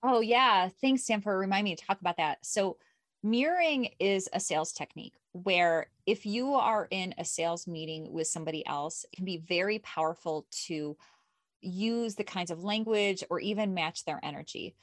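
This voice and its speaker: A woman from the United States hosting a podcast, talking casually and energetically, a self-described loud extrovert. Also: mid-range voice, moderate pace, no echo, clean studio sound. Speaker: podcast host. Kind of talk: casual podcast chat, teaching pitching.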